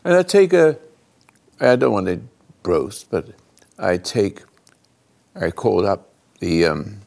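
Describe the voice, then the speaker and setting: Male radio host, unhurried, rough-edged voice, dramatic storyteller who stops and restarts. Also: lowish voice, big pitch swings. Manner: dramatic storyteller, drops from loud to hushed; halting, restarts mid-phrase. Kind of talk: call-in radio talk, telling a personal story.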